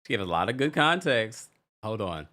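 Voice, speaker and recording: A man's voice: lowish voice, moderate pace, a crowd in the background. A man hosting a casual live stream, reading viewer messages and taking calls. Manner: animated, reads super chats aloud. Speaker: host.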